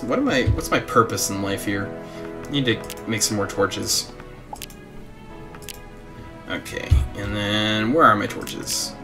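A young man playing a video game and chatting casually, reading game text aloud and laughing at his own antics. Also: fairly low pitch. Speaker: gaming streamer. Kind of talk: casual let's play commentary. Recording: faint game music behind.

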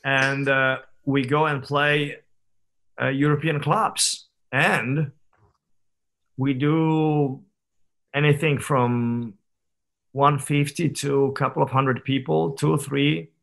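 Appearing as a guest in a casual conversational interview, a man over thirty tells his stories candidly and reflectively, circling back with frequent fillers, restarts, and half-started words. His gravelly, fairly bright voice sits in an ordinary middle range, with fairly even intonation and a slow pace.

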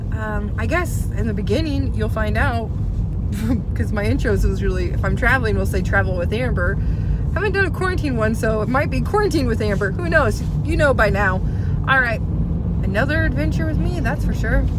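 Stuffy-nosed woman rambling to her vlog cam in the car, kinda high voice, traffic roaring by. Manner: chatty, rambling, venting. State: stuffy runny nose. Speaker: travel vlogger. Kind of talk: casual vlog chat. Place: in a car by a busy road. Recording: steady traffic noise.

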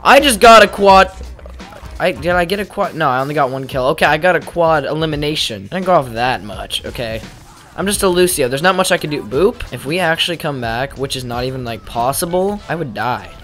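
A man's voice: fairly high pitch, animated, brisk, fairly bright tone, soft background music. A young man chatting casually over his gameplay at a home desk mic, rambling and mocking himself with sudden exclamations. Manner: self-deprecating, rambling, jumpy exclamations. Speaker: gaming YouTuber. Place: home gaming setup. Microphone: desk mic with pop filter.

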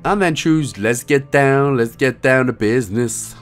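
A man's voice: medium pitch, measured pace, faint music behind. A man giving casual, jokey walkthrough commentary on a game, now and then reading out lines in put-on voices. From Wales. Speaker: game guide creator.

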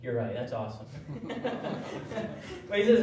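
A man preaching a sermon as pastor, animated, acting out the voices he quotes. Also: medium pitch, moderate pace, a crowd in the background. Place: church sanctuary. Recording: echoey church hall from far off.

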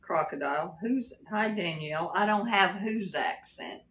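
A woman in her sixties with a Kentucky accent and a Texas drawl, talking at a slow, unhurried pace in a low voice. She chats casually with livestream viewers and greets them one by one. A faint hum of background noise sits under her voice. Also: animated, fairly bright tone, low-quality recording. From Kentucky, raised in Texas. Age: 60s. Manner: drawn-out drawl, chatty, greets viewers by name. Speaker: livestream host. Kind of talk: casual livestream chat reading comments.

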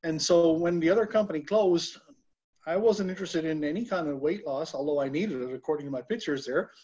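A man from Newfoundland, Canada, telling his own story on a video call in a rambling, halting way. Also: fairly high pitch, warm tone, highs cut off. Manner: rambling, many fillers and restarts. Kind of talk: casual testimonial.

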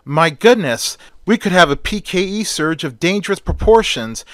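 A man voicing an eager, excitable male ghost hunter in an amateur story reading, with a plain delivery. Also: high-pitched, normal speed, dry recording, voice pushed up. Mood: concerned.

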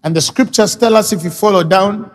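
A man's voice: high voice, fairly quick. A male pastor preaching a sermon, retelling scripture and driving his points home with rising, emphatic questions. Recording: reverberant hall with faint music.

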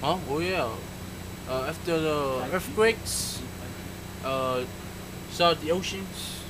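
A man's voice: slow, background noise. A young man joking with friends outdoors, telling a story with lots of laughing and mimicking. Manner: laughing, mimicking screams in a high voice. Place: outdoors in a village with a group. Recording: loud crowd of friends around. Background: friends talking and laughing.

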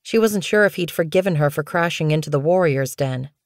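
A woman with a low voice reads a storybook aloud in an even, clear way. The sound is close and very dry, as in a studio booth. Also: fairly quick, no room sound. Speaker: audiobook narrator. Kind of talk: scripted storybook narration.

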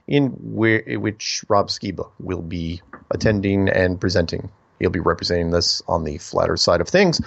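A man's voice: on the low side, normal speed, vocal fry, dry recording. A man hosting a call-in radio show, rambling through announcements and spelling out contact details. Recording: dry, dull lo-fi audio.

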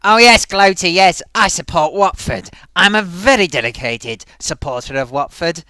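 A man voicing a flamboyant theatrical character who calls everyone "dear boy" and "darling" and repeats the host's name loudly in a sing-song. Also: high voice, animated, normal speed, no room sound. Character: flamboyant theatrical luvvie man, gushing and grand.

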